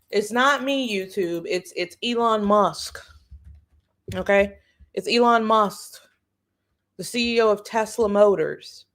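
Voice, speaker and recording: A woman's voice: mid-range voice, a little slow. A woman hosting a livestream and giving blunt, profane, sarcastic political commentary, repeating phrases for emphasis. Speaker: livestream host.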